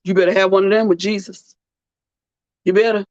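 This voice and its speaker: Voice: medium pitch, little pitch movement, a little fast, no room sound. Tired, earnest speaker on a dull recording. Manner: earnest, emphatic, repeats phrases for weight. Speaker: podcast host. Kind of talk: personal heartfelt monologue on faith and hardship. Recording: dull, muffled dry recording.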